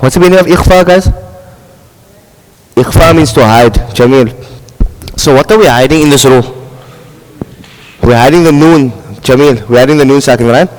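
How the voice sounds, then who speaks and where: A man with a South African accent teaching a class on Quran recitation rules, checking in with his students constantly and modelling words slowly. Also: on the high side, a little mellow, in a large hall, rough recording. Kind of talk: classroom tajweed lesson.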